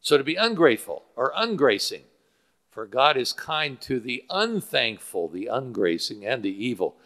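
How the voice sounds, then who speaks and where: A man's voice: mid-range voice, big pitch swings, moderate pace, sharp tone. A male pastor preaching a sermon that explains Greek word roots, with frequent fillers. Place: church sanctuary. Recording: church hall with long reverb.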